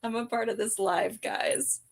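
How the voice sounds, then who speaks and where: A woman voicing the thoughts of her watchful male pet dog in a low-key, deadpan way. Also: measured pace, gravelly. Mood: expectant.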